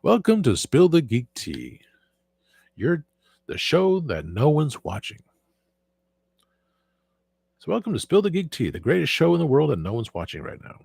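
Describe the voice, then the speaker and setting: A man's voice: fairly high pitch, huge pitch swings, normal speed, creaky, long pauses, darkish tone, husky, dry recording, voice pushed up, full character voice. A man doing a showy movie-phone announcer. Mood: grandiose. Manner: over-the-top announcer delivery.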